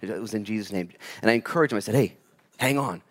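A man's voice: lowish voice, fast talker. Conversational male pastor preaching. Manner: conversational storytelling, jumps between hushed asides and excited bursts. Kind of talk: sermon.

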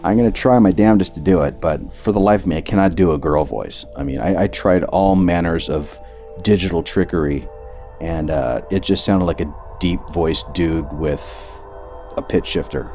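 Low-voiced guy hosting his podcast, rambly and self-mocking, a little music in the back. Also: normal speed, a little mellow. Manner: rambling, self-deprecating, jokey. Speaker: podcast host. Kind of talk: casual chat.

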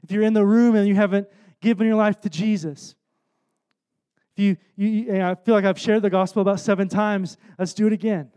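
A man's voice: high voice, fairly even intonation, a little fast, mellow, clear, resonant tone. A young man preaching a sermon in an earnest, conversational way, telling an emotional personal story. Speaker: worship leader preaching.

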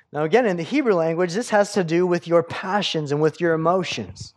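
A man's voice: a little high, a little mellow. A man preaching a sermon in a conversational way, with lots of fillers and restarts. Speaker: pastor.

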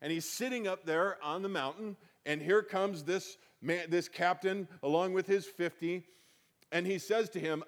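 A man's voice: high voice, steady tone, moderate pace. A man giving a conversational Bible teaching, reading scripture aloud and then explaining it with chatty emphasis.

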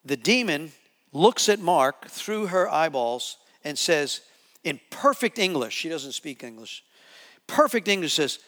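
Man preaching with animated storytelling. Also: a little high, a little slow, in a large hall. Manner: animated, repetitive storytelling with restarts. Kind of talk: sermon testimony storytelling.

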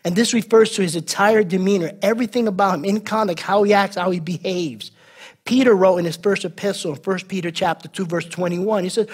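Husky-voiced preacher man, high and earnest. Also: brisk. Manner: earnest preaching with repeated words and asides. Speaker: pastor. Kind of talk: sermon.

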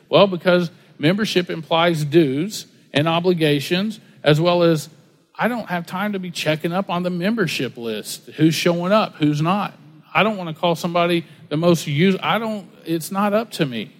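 Pastor guy with a high-ish voice preaching, chatty storyteller, lots of echo like a big church hall. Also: normal speed. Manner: conversational, storytelling with acted-out quotes. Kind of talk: sermon. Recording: long hall reverb.

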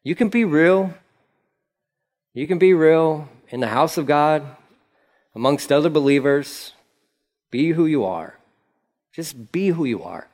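A man's voice: a little high, lively intonation, a little slow, long pauses, darkish tone. Casual, conversational male pastor preaching. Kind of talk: sermon.

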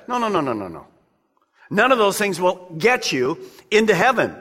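Lively, bright-voiced male preacher in reverb. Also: high-pitched, normal speed. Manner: emphatic, conversational preaching with direct appeals to listeners. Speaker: pastor. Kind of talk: sermon. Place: church sanctuary. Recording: long reverb of a large church hall.

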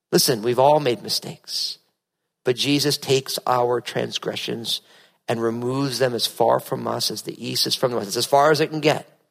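A man's voice: mid-range voice, a bit bright. A pastor preaching a sermon and reading scripture aloud, earnest, often restarting his sentences. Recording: long hall reverb.

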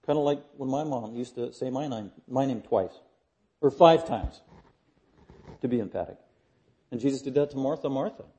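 Emphatic male preacher with a warm voice. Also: mid-range voice, moderate pace, long pauses. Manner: emphatic, building repetition, swings from loud to hushed. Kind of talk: expository sermon.

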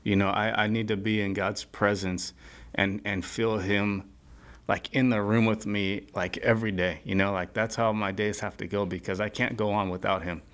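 Low-voiced man speaking earnestly. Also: level tone, a bit bright, smooth. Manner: earnest, halting, many fillers. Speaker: podcast guest. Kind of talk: casual faith conversation.

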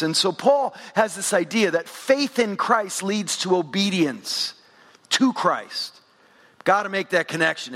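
A man's voice: high-pitched, fairly bright tone. A man preaching a sermon as pastor, engaging his congregation directly with questions. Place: church sanctuary with congregation. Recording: long reverb of a large hall.

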